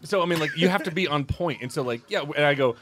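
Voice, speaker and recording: Fast-talking man telling stories. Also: a little high, a crowd in the background. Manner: fast storytelling with quoted voices. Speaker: podcast co-host. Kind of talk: casual chat.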